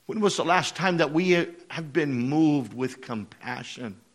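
A male preacher delivering a sermon, moving from quiet storytelling into impassioned appeals with repeated phrases. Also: mid-range voice.

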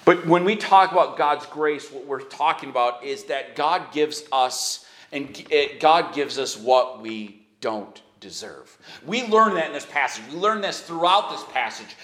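Man, pastor, sermon, high voice, earnest with emphatic rises, echoey church hall. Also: expressive, a little slow, hardly any pauses. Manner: swings between quiet earnest tones and high emphatic rises. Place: church sanctuary.

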